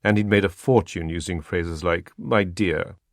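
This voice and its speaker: A man reading a wartime spy novel aloud in measured, even scripted narration. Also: deep voice, no echo. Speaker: audiobook narrator. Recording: dry close studio sound.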